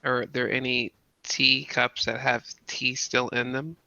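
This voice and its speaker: A man's voice: medium pitch, level tone, takes it slowly, creaky, bright, forceful tone, no echo. A man playing in a tabletop role-playing game, laid-back and slangy. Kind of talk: casual tabletop play. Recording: dull lo-fi mic, dry.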